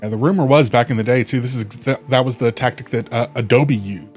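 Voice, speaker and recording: A man's voice: mid-range voice, fast talker, darkish tone, faint music behind. A man hosting a live game stream, chatting casually and rambling with many restarts. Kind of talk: casual let's play commentary.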